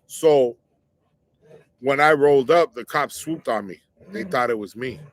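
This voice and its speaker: A man's voice: mid-range voice, measured pace, no room sound. A middle-aged man hosting his own show, telling a personal story in a casual, blunt, slangy way and warning listeners. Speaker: show host.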